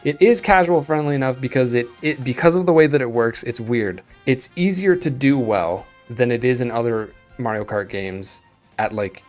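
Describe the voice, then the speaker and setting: A young man giving casual, opinionated video game commentary, animated and acting out his own reactions. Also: mid-range voice, moderate pace, soft background music. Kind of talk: tier list commentary.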